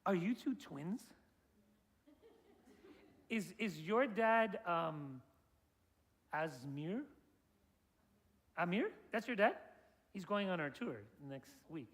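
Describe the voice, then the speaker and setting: A man's voice: high-pitched, lively intonation, takes it slowly, pauses often, fairly bright tone. A man guiding a group through an interactive presentation about an upcoming tour. He keeps asking the audience questions and praising their answers. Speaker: tour guide presenting a trip.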